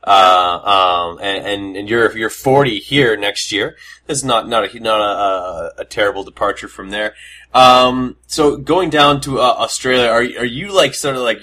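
Canadian-accented male host, chatty, sharp bright tone, stammers into questions. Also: on the low side, normal speed. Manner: chatty, joking, stammering restarts. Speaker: interview host. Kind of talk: casual interview.

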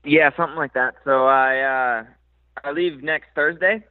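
A man in his thirties from Minnesota with a faint Minnesota accent, talking casually in an interview, relaxed and hesitant with many fillers. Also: medium pitch, a little slow, no echo. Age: 30s. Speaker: motocross racer. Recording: dry, tinny phone-like line.

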